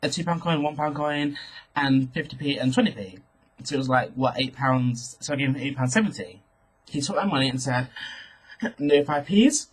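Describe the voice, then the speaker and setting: A young man telling a sassy, animated storytime rant to camera, calling his viewers girl. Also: mid-range voice, brisk, breathy edge, poor audio. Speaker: vlogger.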